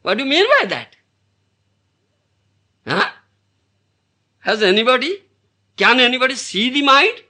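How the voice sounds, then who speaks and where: Animated man giving a devotional lecture. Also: very high-pitched, unhurried, pauses often. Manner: animated, asks the audience rhetorical questions; laughs often while teaching. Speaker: spiritual teacher. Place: lecture room with audience.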